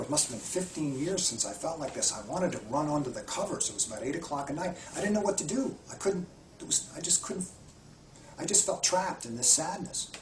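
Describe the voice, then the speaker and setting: A man's voice: on the high side, slight background noise. A man, a spiritual healer, earnestly telling stories in an interview, often restarting his sentences. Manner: earnest, heartfelt storytelling with frequent restarts. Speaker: spiritual healer and retreat guide. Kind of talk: interview conversation. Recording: echoey room, far from mic.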